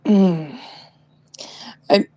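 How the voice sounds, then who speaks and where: A woman's voice: mid-range voice, very slow, darkish tone, dry recording. A woman co-hosting a casual chat show, rambling and joking, often dropping to a near whisper. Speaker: co-host.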